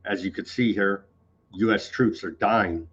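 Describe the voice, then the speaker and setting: A man's voice: on the low side, unhurried, fairly bright tone, husky. A man hosting a live news show, reading posts aloud and commenting with sarcasm and indignation. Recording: slightly dull lo-fi sound.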